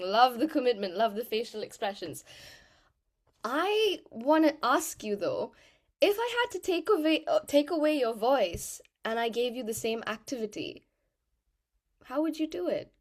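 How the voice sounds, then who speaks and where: A woman, an actor and singer, giving a lively, encouraging voice workshop talk to an audience in a room. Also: on the high side. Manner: animated, encouraging, demonstrates vocal changes.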